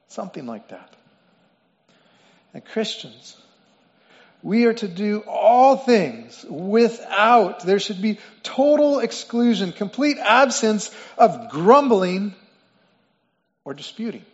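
A man's voice: high-pitched, big pitch swings, slow. A man preaching a sermon, explaining word meanings and repeating phrases for emphasis. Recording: dull lo-fi sound with long reverb in a hall.

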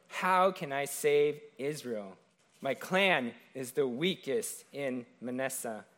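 Man preaching, conversational sermon, mid-pitched voice, keeps asking right?. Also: a bit bright. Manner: conversational, often asks "right?".

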